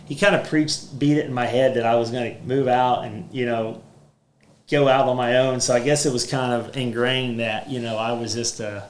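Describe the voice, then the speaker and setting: A man's voice: medium pitch, fairly even intonation, normal speed, a little hiss or hum. A man, hosting a casual podcast chat and rambling with many fillers and restarts. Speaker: podcast host, roofing business owner. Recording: roomy echo with faint ambience.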